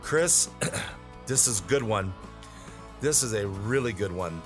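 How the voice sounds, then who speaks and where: A man's voice: fairly low pitch, expressive, slow. A middle-aged man hosting a music podcast, chatting in a wry, joking way. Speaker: podcast host. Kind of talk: casual chat.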